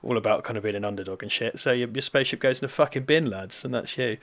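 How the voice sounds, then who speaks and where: A man with an ordinary mid-range voice talks into a USB desk mic at home. He chats casually, swears freely, and laughs often. His talk is loose and animated. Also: medium pitch, fast. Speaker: co-host of a film watch-party stream. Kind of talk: casual chat.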